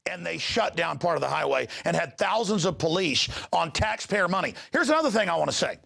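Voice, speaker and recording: Agitated ranting man, gravelly and animated. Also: high voice. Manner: agitated, ranting, repeats words when excited. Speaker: host. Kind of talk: heated news commentary.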